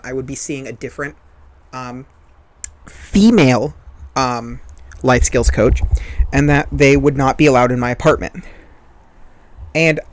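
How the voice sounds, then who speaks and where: Young male podcast host, storytelling, emphatic and heated, middle pitch. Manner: emphatic, heated when retelling. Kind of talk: personal storytelling.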